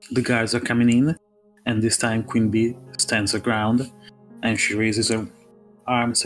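A man playing a tabletop game, describing his character's scene in halting phrases. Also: mid-range voice. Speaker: player.

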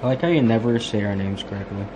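A man's voice: on the low side, quick pace, lo-fi sound. A man chatting with family at home, answering with short, dry remarks. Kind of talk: casual family chat. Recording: loud background noise.

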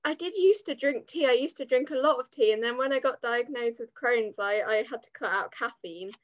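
A young English woman in her twenties, a guest on an interview, speaking softly and hesitantly with many fillers. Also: on the high side, a little fast. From England. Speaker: guest content creator. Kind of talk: casual interview chat. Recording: dull lo-fi sound.

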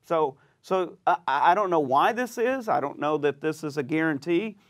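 Lively, animated male pastor. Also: a little high, normal speed. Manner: animated storyteller, acts out quoted voices. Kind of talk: sermon-style teaching conversation.

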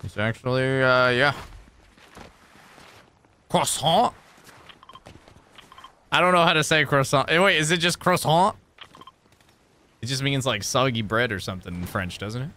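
A man's voice: mid-range voice, lively intonation, fairly quick, pushed and bright. A man from New Jersey chatting playfully while streaming a video game. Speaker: gaming streamer. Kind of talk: casual live-stream commentary.

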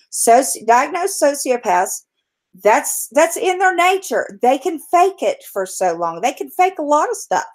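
A woman hosting her own video, explaining and telling stories in a rambling way full of fillers and restarts. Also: on the high side. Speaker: video host. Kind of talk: casual explanatory vlog.

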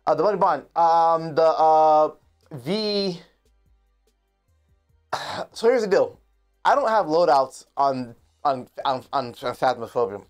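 Male game streamer, loose and excitable, rambles and curses his way through live commentary. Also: fairly high pitch, takes it slowly, pauses often, faint music behind. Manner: excitable, swearing, rambling with restarts.

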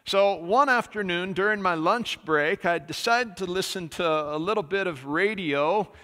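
Male pastor, relaxed conversational preaching, bright slightly high voice, long church-hall reverb. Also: a little slow. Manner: conversational preaching with many fillers. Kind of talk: sermon. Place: church sanctuary.

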